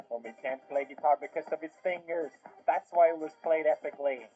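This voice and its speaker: A man's voice: on the high side, a little fast, breathy edge. A young man giving casual reaction commentary on video clips, with laughing outbursts and sarcastic asides. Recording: tinny phone-like sound with faint music.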